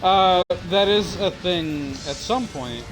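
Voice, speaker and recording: A man chatting casually while playing a game together, often halting and restarting his sentences. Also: high voice, expressive. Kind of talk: casual chat while gaming. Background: game music.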